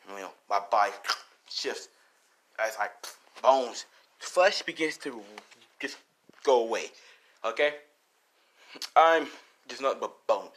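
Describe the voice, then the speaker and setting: A man improvising a fan-fiction action story, animated and profane, full of sound effects. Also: medium pitch.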